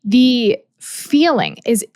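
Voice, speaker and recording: A woman's voice: on the high side, wildly swooping pitch, extremely slow, darkish tone, no room sound, studio quality. A woman guest on an interview podcast, talking candidly and energetically, acting out quoted exchanges as she tells stories. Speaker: podcast guest, business mentor. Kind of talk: casual interview chat.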